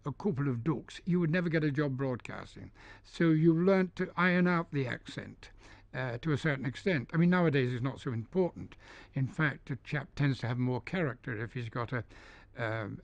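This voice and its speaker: A man's voice: medium pitch, vocal fry, no room sound. An older man from the north of England with a neutralized mid-Atlantic English accent, telling stories in an interview with many ums and restarts. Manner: storytelling, hesitant with frequent ums and restarts. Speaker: interviewee, dubbing studio founder. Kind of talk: relaxed anecdotal interview. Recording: dull, dry lo-fi recording.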